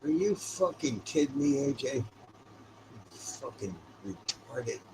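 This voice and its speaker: A man's voice: mid-range voice, expressive, slow. Crude heckling man, faint background noise.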